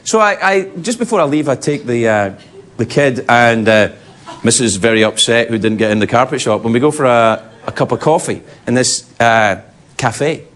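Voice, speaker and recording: A man's voice: mid-range voice, normal speed, a bit bright. A man with a Scottish accent telling a rambling comic anecdote on a talk show, laughing through his lines. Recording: live studio with audience laughter and noise. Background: studio audience.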